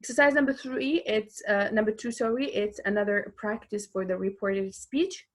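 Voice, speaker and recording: A woman teacher giving a recorded online English lesson, explaining patiently and slowly, repeating each example with frequent fillers. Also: mid-range voice.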